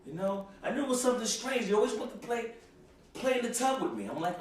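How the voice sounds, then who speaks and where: A man's voice: high-pitched, sing-song, fast. A young man delivering a rambling comic rant to camera, stumbling and repeating himself with constant "you know"s. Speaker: host. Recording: very echoey room, far from mic.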